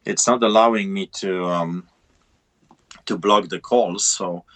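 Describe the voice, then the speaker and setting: Fervent pastor with a heavy accent. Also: male voice, deep voice, fairly even intonation, takes it slowly, fairly bright tone. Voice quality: heavy non-native accent, broken English. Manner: fervent, repetitive preaching cadence. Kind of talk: preaching over a call.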